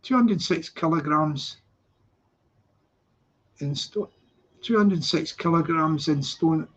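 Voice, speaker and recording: A man hosts a casual live stream on his channel, rambling and repeating words as he restarts his sentences. His voice is a little high and a bit bright, and he speaks slowly. The audio is slightly dull and lo-fi.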